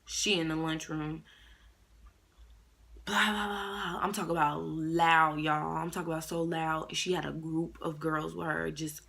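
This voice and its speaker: A woman's voice: low voice, a little slow, creaky. A young woman vlogger telling a story in a casual, slangy way, acting out other people's lines. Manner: animated, slangy, acts out quotes in raised voices.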